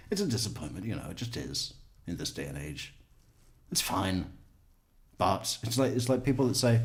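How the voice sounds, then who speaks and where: A man talks casually over the recordings he plays, joking and chuckling. His voice sits low and swings widely in pitch. He speaks slowly. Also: expressive. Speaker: host.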